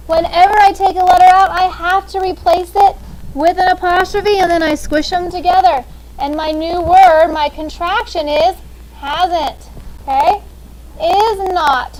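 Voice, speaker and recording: A woman's voice: very high voice, darkish tone, slight background noise, rough recording. A woman in her thirties teaching a classroom grammar lesson, upbeat and often checking in with "okay?". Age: 30s.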